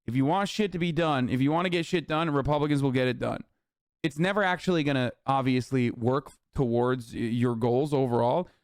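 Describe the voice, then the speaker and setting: In a mid-range, fairly quick voice, a man in his thirties angrily rants about politics on stream, profane and sarcastic, reading chat messages out loud. It's studio-quality audio with no room sound.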